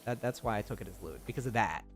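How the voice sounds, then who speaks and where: A young man talks very fast in a lowish, expressive voice during a casual live stream, soft music in the background. He rambles, jokes around, and answers his chat with frequent laughter.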